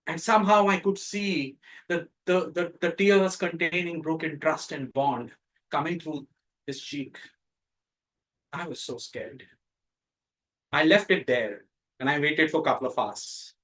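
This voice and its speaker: A middle-aged man from India with an Indian English accent, giving a prepared contest speech with dramatic pauses and emphatic rises. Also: fairly high pitch, bright, forceful tone, poor audio. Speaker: contest speaker. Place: club meeting room.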